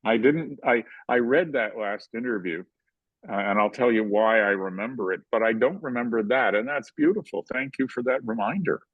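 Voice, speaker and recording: An older man, a filmmaker, telling animated stories in an interview and acting out the quotes. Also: medium pitch, moderate pace, no echo, narrow, tinny audio. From Canada. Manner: animated anecdotal storytelling, acts out quotes. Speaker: guest filmmaker. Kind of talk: storytelling in a conversational interview.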